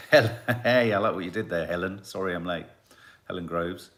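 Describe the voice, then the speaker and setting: A man's voice: low voice, normal speed, a bit bright. A middle-aged man, hosting a casual live chat and musing as he reads out viewer comments.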